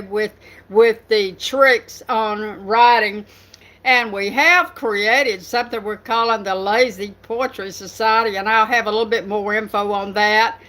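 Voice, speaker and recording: A woman's voice: medium pitch, a bit bright. An older woman with a Southern US accent, hosting her writing channel in a chatty, rambling live stream with lots of fillers. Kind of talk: casual live stream chat.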